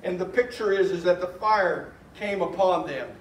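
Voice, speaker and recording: Male pastor, high voice, earnest preaching, distant mic, roomy church echo. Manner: earnest preaching, recites hymn verses slowly. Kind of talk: sermon. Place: church sanctuary.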